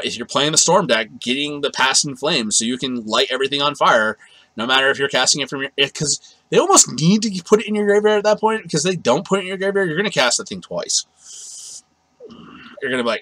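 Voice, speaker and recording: A man's voice: medium pitch, bright, forceful tone, no room sound, low-quality recording. A man giving a casual, rambling card game review, often correcting himself and laughing.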